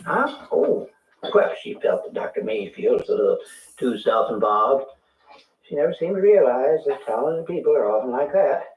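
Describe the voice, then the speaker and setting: A man playing a doctor in a TV crime drama, answering questions with animated, rising replies. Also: medium pitch, normal speed, far from the mic. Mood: defensive. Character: male doctor, defensive under questioning. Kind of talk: 1970s TV crime drama acting. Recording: TV audio echoing from across a room.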